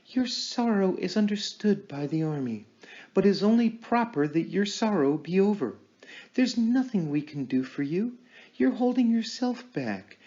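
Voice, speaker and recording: A man's voice: high voice, a little mellow, dull audio, pitched above the performer's own voice. A man reading an audiobook voices a woman psychic medium in a trance, speaking with an urgent, pleading cadence.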